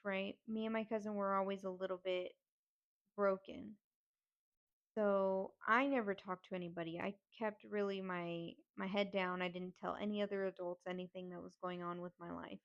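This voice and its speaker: Candid, profane woman telling her story. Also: mid-range voice. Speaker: podcast host. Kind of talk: personal storytelling. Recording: slightly dull lo-fi audio.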